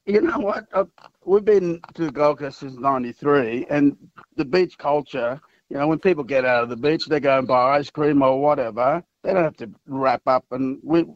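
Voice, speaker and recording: Male mayor, radio guest, relaxed halting chat, lightly raised pitch, muffled audio. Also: dry recording. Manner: easygoing, says "mate" often, halting phrasing.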